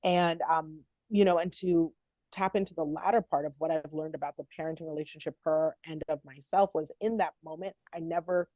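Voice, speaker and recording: A woman guest on a podcast interview, telling a personal family story in an earnest, heartfelt, halting way. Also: deep voice, steady tone, mellow, no room sound, dull audio.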